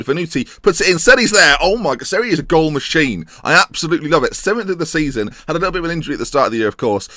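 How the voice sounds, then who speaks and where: A young man giving excitable, jokey let's-play commentary on a football management game, thinking aloud as he goes. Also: mid-range voice, no echo, studio quality. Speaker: gaming YouTuber.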